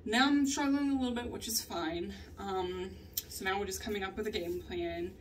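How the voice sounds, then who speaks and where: A woman's voice: mid-range voice, normal speed. Young woman vlogging, cusses a lot, laughs at herself, mic kinda far, bit of background hum. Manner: candid, swears often, laughs through stories. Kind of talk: casual confessional vlog. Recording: distant mic with faint ambient noise.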